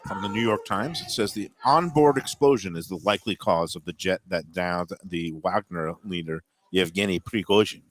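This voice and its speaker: A man's voice: deep voice, moderate pace, few pauses, faint music behind. Joking male host talking mid-meal. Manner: joking, talks with his mouth full. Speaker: show host. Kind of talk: casual food chat. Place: food market on location.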